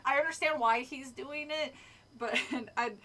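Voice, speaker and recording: Woman streamer reading a spooky book, chatty and sweary, high bright voice a bit off mic. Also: unhurried. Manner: chatty, swears, laughs often. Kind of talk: casual read-aloud with commentary. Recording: voice distant from the mic.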